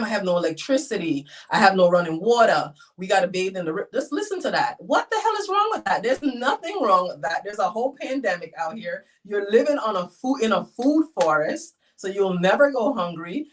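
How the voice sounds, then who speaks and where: A middle-aged woman from the United States, a guest in a casual interview, telling her story with lively acted-out quotes. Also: medium pitch, brisk, few pauses, recorded from a distance. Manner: animated storyteller, acts out quotes.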